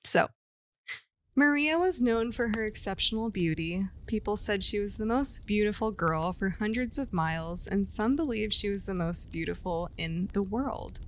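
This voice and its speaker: A woman's voice: mid-range voice, expressive, normal speed, slight background noise, low-quality recording. A woman co-hosting a podcast, telling a legend in casual chat and laughing often between lines. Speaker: podcast co-host.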